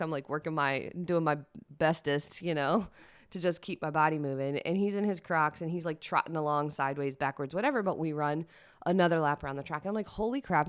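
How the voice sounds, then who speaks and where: A woman's voice: sits low, clean tone, no echo, clean studio sound. A woman hosting a personal solo podcast, talking candidly and chattily, teary-eyed at times. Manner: candid, emotional, chatty with fillers. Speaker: podcast host.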